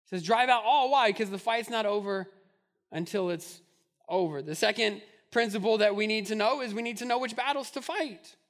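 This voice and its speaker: A man preaching a sermon in an animated way, acting out the voices of the people in his stories. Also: sits high, moderate pace. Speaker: pastor.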